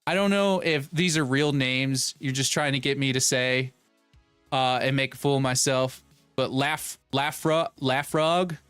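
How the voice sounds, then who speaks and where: A man's voice: medium pitch, a bit bright, clean tone, no echo. A man in his thirties hosting a casual live stream, rambling and joking as he reads chat aloud and riffs on it. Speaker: streamer host.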